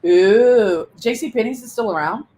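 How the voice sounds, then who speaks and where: An older woman with grandchildren, co-hosting a casual live chat, talkative and quick to laugh at herself. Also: on the high side, warm tone. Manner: chatty, self-deprecating, laughs often. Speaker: co-host.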